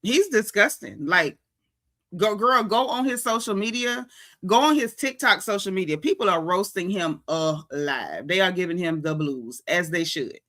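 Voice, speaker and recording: A woman with an African American English accent hosting a gossip commentary stream, talking in a sassy, indignant, animated way. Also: on the low side, moderate pace. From United States. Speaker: gossip show host. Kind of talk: casual commentary livestream.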